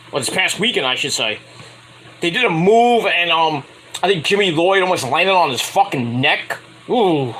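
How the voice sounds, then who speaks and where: A man's voice: a little high, pushed and bright, a little hiss or hum, poor audio. A man ranting in a casual, rambling, profane style as a wrestling vlogger.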